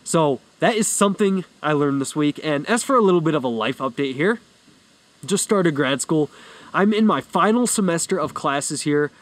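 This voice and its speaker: A man's voice: on the high side, lively intonation, moderate pace, no room sound. A young adult man hosting a fitness podcast, explaining things in a loose, rambling, easygoing way. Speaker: podcast host and fitness coach. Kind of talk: casual solo podcast talk.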